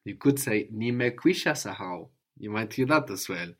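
Male tutor, calm and patient; drills the student with short prompts and tag questions. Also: on the low side, normal speed. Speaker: language teacher. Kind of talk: one-on-one language lesson.

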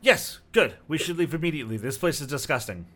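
A man's voice: a little high, expressive, quick pace, fairly bright tone. A man doing a prim, haughty halfling. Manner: prim, impatient and self-important. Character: fussy, haughty male halfling traveler.

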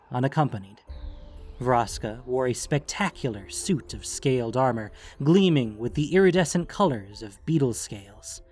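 A man narrating a fantasy audiobook with expressive storytelling. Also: mid-range voice. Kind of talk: scripted narration.

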